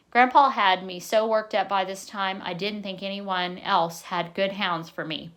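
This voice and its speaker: A woman narrating a novel in a plain, steady reading voice, now and then correcting her own slips. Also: mid-range voice, a little slow, hardly any pauses.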